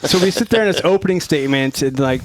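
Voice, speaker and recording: A man's voice: on the high side, fast, no echo. A middle-aged man from Northern California telling a wild story on a podcast, swearing freely, laughing often and acting out the dialogue. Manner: profane, laughing, animated retelling with quoted dialogue. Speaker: podcast guest, former Navy SEAL. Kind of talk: casual storytelling.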